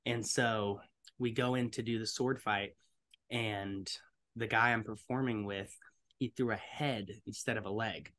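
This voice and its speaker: A young man telling a story as a podcast guest, acting out other people's lines in loud, animated bursts. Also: on the low side, a little slow. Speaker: voice actor and stuntman guest.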